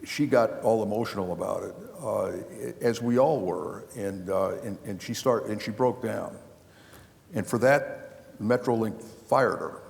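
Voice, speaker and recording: A man's voice: on the low side, measured pace, gravelly, a little mellow. An older man, an author and former county official, telling rambling anecdotes with many restarts at a live book talk. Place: lecture hall before a live audience. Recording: long hall reverb.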